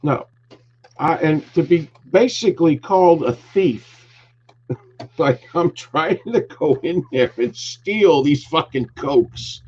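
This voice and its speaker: A man's voice: fairly high pitch, lively intonation, slow pace, a little mellow, husky. A man hosting a talk show, telling an angry story with lots of swearing and heat. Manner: profane, heated ranting storyteller. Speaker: podcast host. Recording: dull lo-fi recording.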